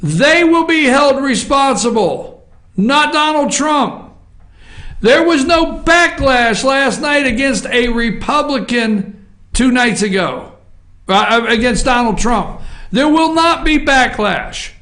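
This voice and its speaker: A man's voice: very high-pitched, expressive, takes it slowly, sharp tone. A man hosting a political opinion show, ranting emphatically in an impassioned monologue with repeated refrains. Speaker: talk show host.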